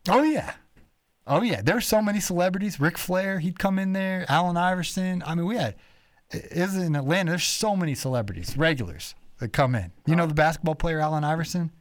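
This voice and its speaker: A man spins rambling podcast stories, his pitch bouncing all over as he acts out the people in them. His voice sits a touch high for a man, and the recording is dry and close. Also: brisk, no room sound. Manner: rambling, animated anecdotes with quoted voices. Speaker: podcast host. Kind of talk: casual storytelling chat.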